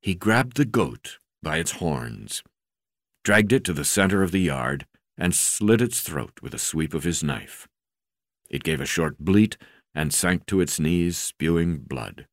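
Low-voiced man, reads his own memoir plainly, stumbles and fills pauses, dry close sound. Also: lively intonation, no echo. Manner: unpolished reading with frequent uh fillers and restarts. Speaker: narrator reading his memoir. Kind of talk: reading a memoir aloud.

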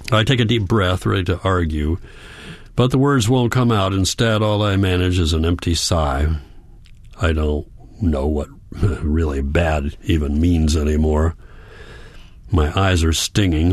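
A man with a very low voice reads a first-person novel aloud, calm and measured. His narration stays reflective throughout. The sound is dry and close to the mic. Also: no room sound. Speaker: audiobook narrator.

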